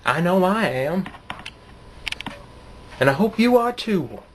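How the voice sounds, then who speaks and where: A man's voice: high-pitched, very animated, slow, noisy background. A man doing an absurd comedy vlog, rambling through shaggy stories that keep interrupting themselves. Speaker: comedy vlogger. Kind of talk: deadpan rambling comedy monologue.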